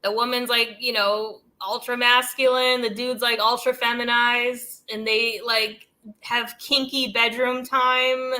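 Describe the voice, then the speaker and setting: Woman host, casual rambling commentary, bright higher voice, amused asides. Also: flat delivery, a little slow. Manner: rambling, heavy use of "like" and "dude"; amused, laughs between thoughts. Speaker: channel host.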